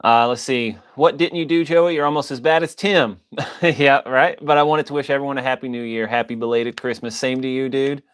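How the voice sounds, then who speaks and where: This male host keeps things casual on his livestream, joking, reading chat and greeting people by name, though he coughs and wheezes slightly. His mid-range voice is steady, brisk, clear and resonant.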